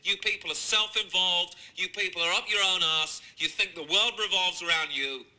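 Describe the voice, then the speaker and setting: A British man with a high, very bright, forceful voice rants in a sarcastic, sweary commentary. He mocks what he is reacting to, with heavy scorn. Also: normal speed, low-quality recording. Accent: British English. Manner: sarcastic, profane, mocking. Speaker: comedian. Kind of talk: ranting commentary over video clips.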